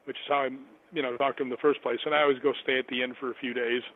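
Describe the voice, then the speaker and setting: A man telling stories in a relaxed, rambling way as a guest on a radio show, laughing often. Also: medium pitch, very fast. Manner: chatty, rambling, laughs often, animated when astonished. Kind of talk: casual storytelling on a call-in radio show. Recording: tinny phone line.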